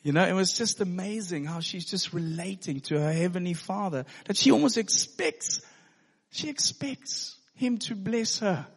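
A pastor telling a personal story in a sermon, earnest and given to laughing. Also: male voice, high-pitched, normal speed, husky. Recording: long hall reverb.

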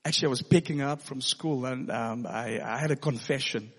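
A pastor telling a personal story in a sermon, earnest and given to laughing. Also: male voice, medium pitch, normal speed. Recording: long hall reverb.

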